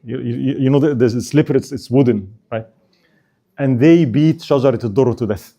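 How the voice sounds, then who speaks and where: A man's voice: medium pitch, moderate pace, mellow. A man giving a casual history lecture at an Islamic center, often checking in with "right?" and joking with his listeners. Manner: keeps asking the audience "right?", joking and laughing.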